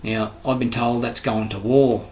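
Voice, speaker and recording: A man's voice: medium pitch, little pitch movement, measured pace, a little mellow, a little hiss or hum, poor audio. A man with an Australian accent, a construction worker delivering a rambling, heated, profane monologue full of restarts. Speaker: construction worker giving his views.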